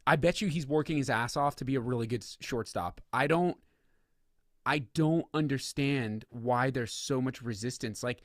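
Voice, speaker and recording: A man's voice: medium pitch, normal speed, no room sound. Man, podcast co-host, casual sports chat, swears a lot, acts out quotes, dry close sound. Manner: profane, emphatic, acts out quotes.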